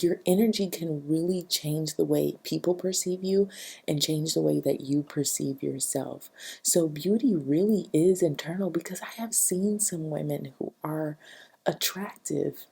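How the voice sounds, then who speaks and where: A young adult woman with a low, dark voice and gravelly fry. Her tone is husky and breathy, and she talks in a chatty, emphatic way as a vlogger giving advice. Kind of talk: casual talking-head advice.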